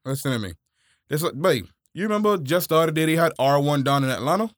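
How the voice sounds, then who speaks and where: High, lively joking man. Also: fast, no echo, clean studio sound. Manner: loud, joking, laughing. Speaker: podcast co-host. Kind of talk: casual chat.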